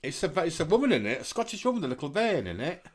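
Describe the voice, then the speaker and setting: A man's voice: sing-song, rapid-fire, husky. A man co-hosting a casual live stream, playful and gossipy. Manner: playful and gossipy, swings up and down in pitch. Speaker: co-host.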